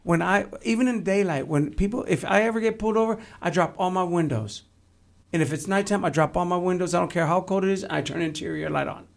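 A man's voice: high-pitched, fast, vocal fry. A man from Texas, a guest telling blunt, joking stories in a casual interview. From San Antonio, Texas.

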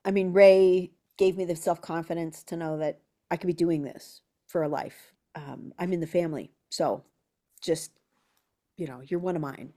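A woman musician being interviewed, telling lively anecdotes and acting out quotes. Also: lowish voice, normal speed. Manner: animated storyteller who acts out quotes. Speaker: guest musician.

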